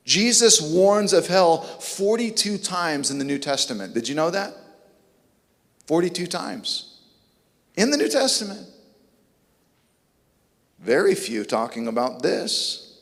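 A man's voice: on the high side, big pitch swings, takes it slowly, long pauses, a bit bright, big-room sound. A man preaching a sermon, emphatic and repeating key words for effect.

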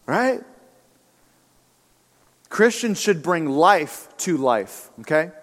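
A pastor preaching a sermon in a conversational, emphatic style with casual asides. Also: male voice, a little high, sing-song, extremely slow, fairly bright tone. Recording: long reverb of a church hall.

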